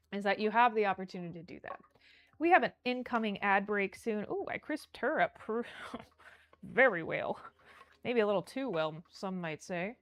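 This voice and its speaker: A woman hosting a casual cooking livestream, bubbly and excitable as she talks to her chat from her kitchen. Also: fairly high pitch, no echo. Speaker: livestream host. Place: home kitchen.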